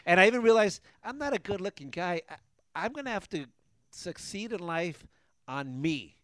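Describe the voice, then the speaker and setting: A man's voice: high voice, lively intonation, normal speed, a bit bright, dry recording. A man co-hosting a casual podcast from a garage studio, rambling and stumbling over his words. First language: Spanish. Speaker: podcast co-host. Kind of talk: casual chat.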